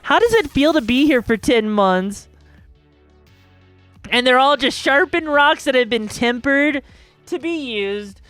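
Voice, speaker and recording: A woman's voice: high-pitched, lively intonation, measured pace, long pauses, a bit bright, no room sound. A woman streaming live, chatting loosely with her viewers in a bubbly, rambling way. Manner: bubbly, chatty, talks to chat, rambling asides. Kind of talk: casual live-stream chat. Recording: dry close mic, faint music behind.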